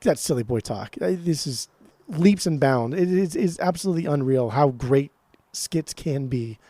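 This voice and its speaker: A man co-hosting a podcast in casual chat, talking excitedly and swearing freely as he gushes about music. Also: fairly high pitch, moderate pace. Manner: excitable, swears often, animated enthusiasm. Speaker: podcast co-host.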